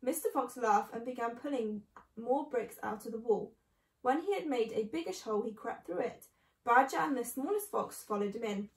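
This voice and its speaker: Expressive woman reading a children's book. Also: fairly high pitch, normal speed, echoey room, recorded from a distance, low-quality recording. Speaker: storyteller.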